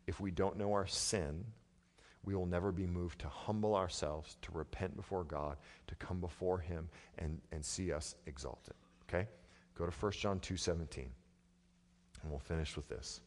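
A male pastor with a somewhat low voice preaching a conversational sermon. He drops quiet, then climbs to loud, emphatic stretches. The sound carries a long reverb from a church sanctuary. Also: steady tone, normal speed.

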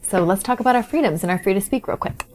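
A woman co-hosting a casual parenting talk, reading listener questions and acting out parents' thoughts in lively asides. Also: mid-range voice, fast. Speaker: parenting podcast co-host. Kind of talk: casual chat.

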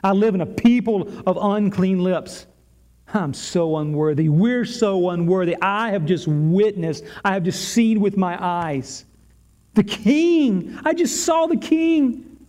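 Man putting on a prophet crying out, high voice, soft warm tone, pleading, repetitive. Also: animated, slow. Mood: anguished. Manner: pleading, repeating cries of unworthiness. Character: grief-stricken prophet crying out in awe.

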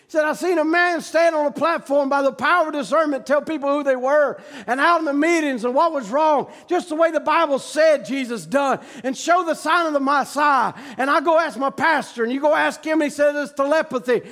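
A man preaching a sermon, telling a story that builds into shouted preaching. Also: extremely high pitch, brisk, few pauses.

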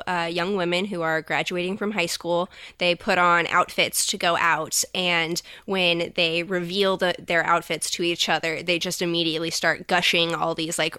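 An enthusiastic female podcast co-host with a bright, crisp voice. She speaks close to the mic in a dry room. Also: on the low side, level tone, moderate pace, few pauses, no echo. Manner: enthusiastic, chatty. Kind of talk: casual podcast chat.

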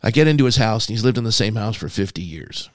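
A man with a fairly low voice tells a story in casual podcast talk, and he gets animated when acting out other people's lines. The sound is dry and close. He is a pastor. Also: fast talker, no echo. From California. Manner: animated storyteller, acting out a commanding old man's voice.

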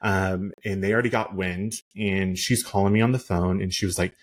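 A man's voice: low voice, steady tone, moderate pace, hardly any pauses. A man who works as a realtor, telling a story on a podcast in a rambling, heated way with many "like" and "um" fillers. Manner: heated, indignant.

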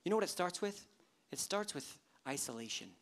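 Animated male pastor in his thirties. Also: high voice, brisk. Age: 30s. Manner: animated storytelling, acting out worshippers' inner thoughts with humor. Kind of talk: sermon.

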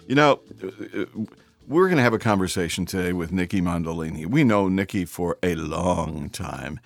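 A man's voice: low voice, expressive, normal speed, vocal fry, faint music behind. A man hosting a podcast interview, chatting casually with many hesitant fillers, recorded in a studio. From northern US, Great Lakes area. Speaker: podcast host. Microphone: studio microphone.

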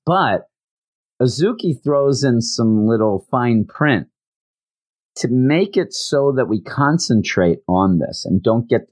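Brief: casual male host, lively pitch, stammering storyteller, dry close mic. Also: breathy edge, no room sound. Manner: animated storytelling, frequent stammers and restarts. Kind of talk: casual anime recap.

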